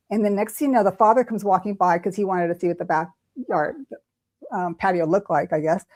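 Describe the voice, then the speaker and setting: A woman with a mellow, mid-range voice, who works as a tarot reader, recounts a personal story in casual talk-stream chat. It opens tearfully and stays emotional and rambling, with many restarts.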